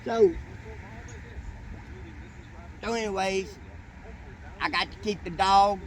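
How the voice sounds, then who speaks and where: A man's voice: sits high, fairly even intonation, measured pace, pauses often. A man telling a rambling story in folksy, profane, colloquial speech, as a train-hopping vlogger. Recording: noisy outdoor street recording.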